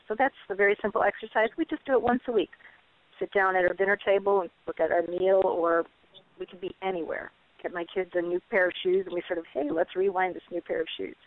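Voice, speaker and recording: A woman's voice: medium pitch, dry recording. A middle-aged woman, a parenting author, telling stories earnestly in a webinar interview and acting out her children's voices. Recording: tinny phone-like webinar audio.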